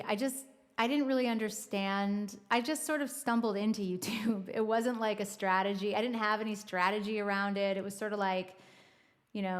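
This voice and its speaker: A woman, a guest musician, talking casually in an interview, full of "like" and "you know". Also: medium pitch. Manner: chatty, lots of "like" and "you know".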